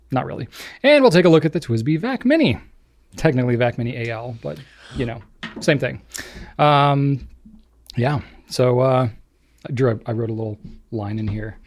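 A man's voice: medium pitch, normal speed, pauses often, darkish tone. Man, podcast host, casual chat, joking, easygoing banter. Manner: joking, easygoing banter, reads listener comments.

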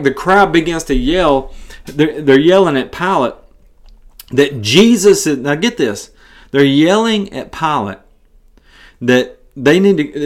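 A man giving a casual Bible study talk as a podcast teacher, earnest and conversational, often restarting his sentences. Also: medium pitch.

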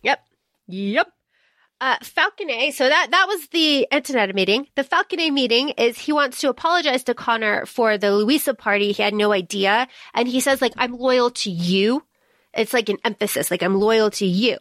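A high, bright woman's voice on a close, dry mic. She chats casually and frankly on a book podcast, swearing freely and acting out lines from the story. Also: animated, fairly quick, no echo. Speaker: podcast co-host. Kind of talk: casual book discussion chat.

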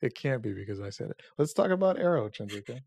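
Playful gravelly man, lively pitch. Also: fast. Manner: playful, jokey, rambling. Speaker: podcast co-host. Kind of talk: casual chat.

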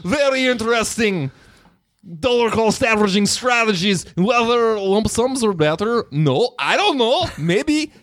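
A man putting on a jokey Russian accent as a mock comrade, halting and giggly. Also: sits high, expressive, fairly bright tone, no room sound, pitched above the performer's own voice. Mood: hammy. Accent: put-on Russian.

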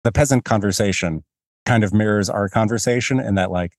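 A man's voice: on the low side, brisk, dry recording, studio quality. A man hosting a podcast, talking through a book in a rambling, self-deprecating way with many restarts. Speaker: podcast host. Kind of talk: casual book discussion.

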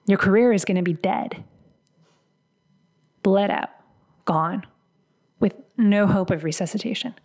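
A woman coaching listeners in a motivational podcast monologue, hammering her points home through repetition. Her pitch sits in an ordinary middle range, and she presses each phrase with steady emphasis. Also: measured pace, long pauses. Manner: emphatic, repeats phrases for punch. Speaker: career coach.

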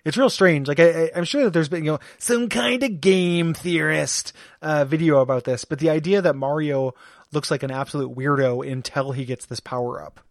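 Guy co-hosting a game podcast, kinda high voice, rambles and restarts a lot, dead dry sound. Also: moderate pace, vocal fry, no room sound. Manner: rambling, lots of fillers and restarts, laughs often. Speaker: podcast co-host. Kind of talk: casual chat about a video game. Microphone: studio microphone.

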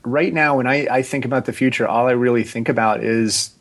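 A man in his forties, a podcast guest chatting casually, relaxed and rambling with restarts and asides. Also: medium pitch, a little fast. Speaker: podcast guest, agency founder. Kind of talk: casual interview chat.

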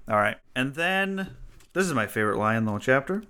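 A man with a bright, forward voice talks casually on a podcast. He tosses in quick amused asides at an everyday pitch. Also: very animated, smooth. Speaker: podcast co-host. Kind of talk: casual book-club chat.

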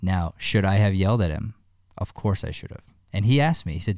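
A man's voice: sits low, a little fast, darkish tone, no room sound, clean studio sound. A man talking earnestly in a heartfelt one-on-one conversation, telling a personal story with frequent restarts.

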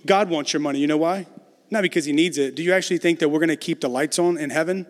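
A man's voice: on the high side, quick pace, in a large hall. A man preaching a conversational sermon as pastor, building emphasis through repetition.

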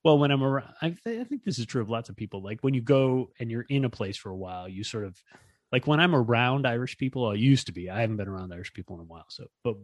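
A man's voice: mid-range voice, lively intonation, quick pace, no echo, clean studio sound. An American man co-hosting a podcast in casual chat, rambling and correcting himself with wry asides. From United States. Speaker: podcast co-host.

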